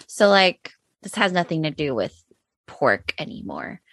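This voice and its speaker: A woman's voice: deep voice, sing-song, a little slow, fairly bright tone, no room sound. A woman co-hosting a casual chat, telling stories with frequent laughter. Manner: laughing storyteller. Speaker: podcast co-host.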